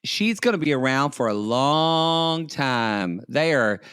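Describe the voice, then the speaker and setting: A man's voice: mid-range voice, sing-song, a bit bright, clean tone, no room sound. Wry male podcast co-host, dry sound. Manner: wry, quick-witted riffing. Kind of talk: casual chat about reality TV.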